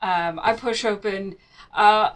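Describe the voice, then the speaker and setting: A woman playing a tabletop game, speaking hesitantly and getting loud when excited. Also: medium pitch, takes it slowly. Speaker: player.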